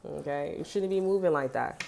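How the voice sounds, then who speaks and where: A woman's voice: low voice, brisk, creaky, darkish tone, soft background music. A woman giving a casual tarot reading, blunt and sassy, swearing freely and talking straight to the viewer. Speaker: tarot reader.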